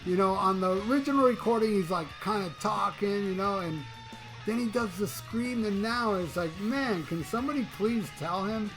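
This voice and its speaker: Man, rock news YouTuber, casual and profane, mocking tone, fairly high-pitched voice. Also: normal speed, music in the background. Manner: profane, mocking, chuckles often.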